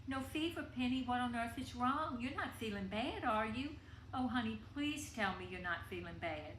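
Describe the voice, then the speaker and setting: A woman voicing a gentle mother who comforts her sick young daughter. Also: fairly high pitch, lively intonation, moderate pace, voice pushed up. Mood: worried. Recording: echoey room with faint noise.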